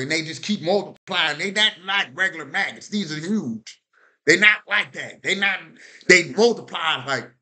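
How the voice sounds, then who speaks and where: A man's voice: high voice, sharp tone. A man preaching a sermon in an informal style, often asking his listeners whether they heard him. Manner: preaches in a vernacular style, repeats "You hear what I said?".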